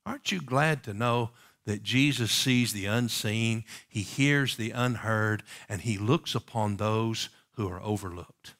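Forceful preacher, loud then hushed. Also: male voice, on the low side, measured pace. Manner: impassioned preaching, swinging from loud emphatic calls to hushed pleading; rhetorical questions to the congregation. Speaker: pastor. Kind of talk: sermon.

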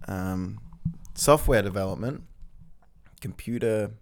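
A man talks in a slow, deadpan drawl, pausing on ums between short answers. His voice sits a little low. The sound is dry and close. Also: gravelly, no room sound. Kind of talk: casual deadpan chat.

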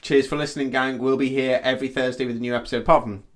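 He is a relaxed man in casual podcast chat, laughing easily and agreeing often. His voice has an ordinary mid-range male pitch. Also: rapid-fire. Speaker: podcast co-host.

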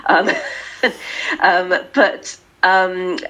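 A woman's voice: low voice, normal speed, creaky, a bit bright, husky, low-quality recording. A woman talking as a podcast guest in casual conversation, hesitant with many fillers.

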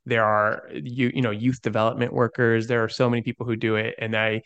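A young man talks earnestly as an interview guest, his words full of "like" as he tells a story. His voice has a gravelly fry. The sound is dry and close. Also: mid-range voice, little pitch movement, brisk, a bit bright, no room sound, highs cut off. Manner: earnest, many "like" fillers. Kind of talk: conversational storytelling.

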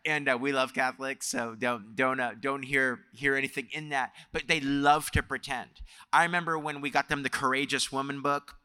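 A man's voice: mid-range voice, steady tone, moderate pace, bright, forceful tone, clear, resonant tone. A male pastor telling family stories in a sermon and building into emphatic preaching. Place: church sanctuary. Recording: long church hall reverb.

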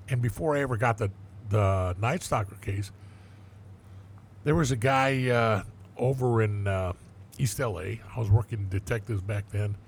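A man's voice: mid-range voice, slight background noise. An older man, a former police detective, telling blunt, profane stories in a casual interview and acting out the dialogue.

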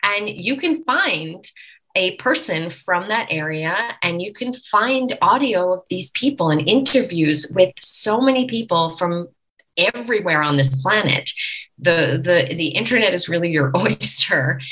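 Bright-voiced woman dialect coach. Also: fairly low pitch, a little slow, poor audio. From Long Island, New York. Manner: animated, instructive explanations. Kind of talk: podcast interview.

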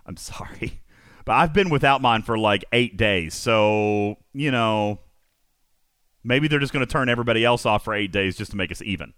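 A man's voice: on the low side, moderate pace, clean tone, no room sound. A man hosting a casual live stream, reading chat aloud and reacting with exasperation. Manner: animated, exasperated, reads chat comments aloud. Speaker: livestream host.

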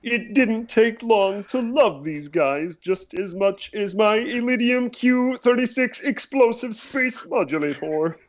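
Guy doing a high-ish fussy cartoon martian baddie, prim and clipped, kinda muffled. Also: expressive, slow, few pauses, a little hiss or hum. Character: small fussy male Martian cartoon villain.

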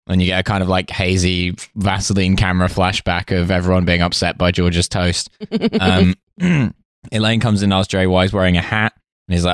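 A man hosting a podcast, recapping a sitcom episode in casual chat with dry, deadpan jokes and frequent laughs. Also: deep voice, moderate pace, clean tone, dry recording. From Britain.

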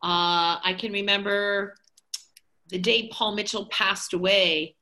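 A bright, clear-toned woman from the United States chatting in an interview. She rambles through her stories with many fillers. Her talk is loose and conversational. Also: medium pitch, steady tone, slow pace. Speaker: guest, hair educator.

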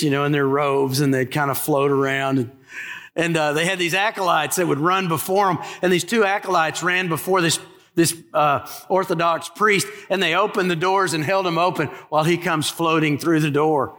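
A male pastor preaching a lively sermon, asking the congregation questions and joking with them. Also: on the high side. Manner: animated preaching with rhetorical questions and asides to the congregation. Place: church sanctuary. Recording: live in a church with long reverb.

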